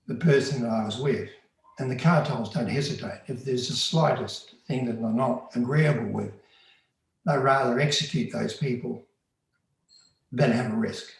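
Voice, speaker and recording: A man's voice: mid-range voice, creaky, a little mellow. Man telling a story in an echoey room. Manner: earnest, conversational, plain-spoken. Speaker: storyteller recounting undercover work. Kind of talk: first-person storytelling.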